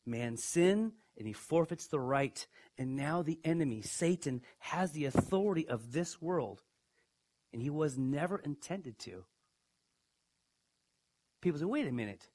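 A man preaching a sermon, emphatic, who asks his listeners questions and swings from hushed to loud. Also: animated, measured pace. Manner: emphatic, dramatic swings in pitch and loudness. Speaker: pastor.

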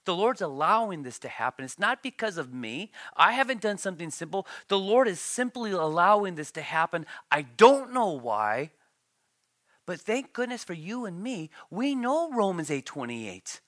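Middle-aged male pastor, lively sermon delivery, bright forceful tone, dry close sound. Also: high-pitched, normal speed, dry recording. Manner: animated preaching, voice climbing when storytelling.

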